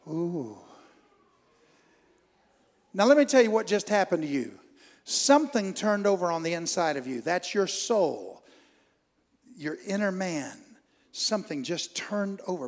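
A man preaching a fervent Pentecostal sermon, moving from storytelling into loud exclamations and speaking in tongues. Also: high voice, sing-song, a little slow, long pauses. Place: church hall. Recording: long reverb in a hall.

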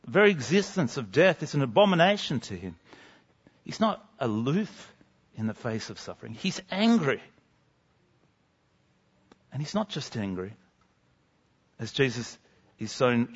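Male preacher, mid-pitched, earnest sermon delivery with hushed dramatic drops; slightly muffled recording. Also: expressive, unhurried, pauses often, slightly rough.

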